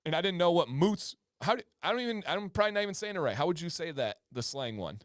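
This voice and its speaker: A man's voice: on the high side, big pitch swings, quick pace, dry recording, studio quality. A man co-hosting a casual livestream chat, chatty and acting out pronunciations as he explains. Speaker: co-host.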